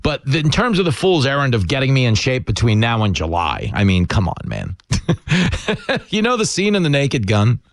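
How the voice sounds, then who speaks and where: Fast-joking man hosting talk radio. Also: mid-range voice, wildly swooping pitch, gravelly, no echo. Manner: quick, self-mocking and jokey. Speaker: radio talk show host. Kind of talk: comic talk radio chat.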